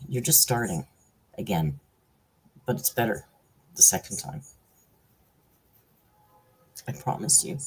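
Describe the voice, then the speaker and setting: A woman's voice: a bass voice, warm tone, breathy edge, poor audio. A woman hosting a casual live stream from home. She chats freely, laughs often and coos at her pet. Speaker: livestream host.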